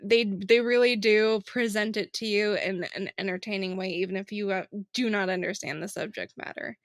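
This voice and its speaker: A woman's voice: medium pitch, fairly even intonation, normal speed, no echo, clean studio sound. A young woman co-hosting a podcast in casual chat, teasing and laughing often. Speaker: podcast co-host.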